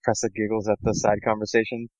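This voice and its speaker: A man playing a tabletop game, describing his character casually with halting fillers. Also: lowish voice, monotone, darkish tone, dry recording, low-quality recording. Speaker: player.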